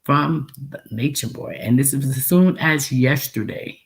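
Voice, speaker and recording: A woman's voice: rumbling low, a little slow. A woman hosting a casual livestream, with an accent that mixes Texan and New York speech. She laughs often and says phrases over and over. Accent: mix of Texan and New York. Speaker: livestream host reacting to a video.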